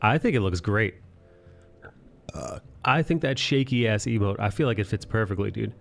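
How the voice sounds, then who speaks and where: A man from New York City with a lowish voice hosts a drawing livestream and chats with his viewers. He jokes around and swears freely. Faint music plays underneath. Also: normal speed, vocal fry. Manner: profane, joking, chatty with viewers. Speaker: livestream host. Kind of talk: casual chat while drawing.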